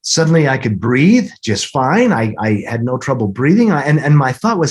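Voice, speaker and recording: Husky middle-aged man, halting and earnest. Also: medium pitch, sing-song. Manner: earnest, halting, restarts often. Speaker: podcast guest. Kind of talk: recounting a personal story.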